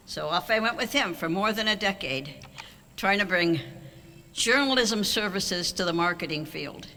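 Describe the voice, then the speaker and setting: Older speaker, banquet speech, wry storytelling, crisp bright tone, long hall echo. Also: mid-range voice, expressive, unhurried, long pauses. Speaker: award honoree giving a speech. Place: large auditorium hall.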